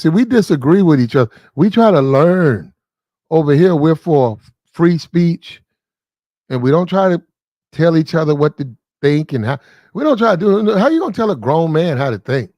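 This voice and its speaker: Man, commentary host, preachy, repetitive, slightly high voice, dry close sound. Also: darkish tone, no room sound. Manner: preachy, repetitive, addresses people directly. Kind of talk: casual opinion commentary.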